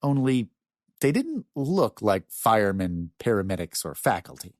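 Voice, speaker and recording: A man narrating a novel in an expressive storytelling manner, close to a studio mic. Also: lowish voice, measured pace, no echo. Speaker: audiobook narrator. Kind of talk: scripted narration.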